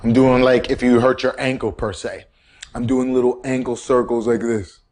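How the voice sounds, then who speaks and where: A man giving casual, animated self-care advice, repeating key points and coaching the listener. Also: medium pitch, normal speed. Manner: animated, repetitive coaching, acts out quoted inner voices. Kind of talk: casual instructional talk.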